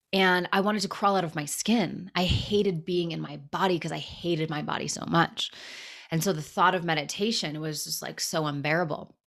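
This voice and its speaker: A woman in her thirties, a podcast guest telling stories in a lively, casual way and acting out what people said. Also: on the low side, gravelly. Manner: animated storyteller, acts out quotes. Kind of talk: casual storytelling interview.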